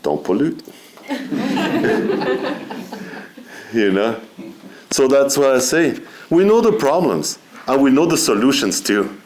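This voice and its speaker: A middle-aged man speaking as a guest at a seminar, relaxed and conversational, often saying "you know" and laughing between points. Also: medium pitch, normal speed. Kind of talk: informal spiritual talk.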